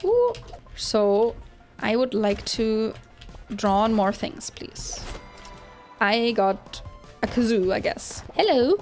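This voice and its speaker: Excitable woman narrating a game. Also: on the high side, slow, long pauses. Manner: excitable, exclaiming. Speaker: gaming channel host. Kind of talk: let's play commentary. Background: game music.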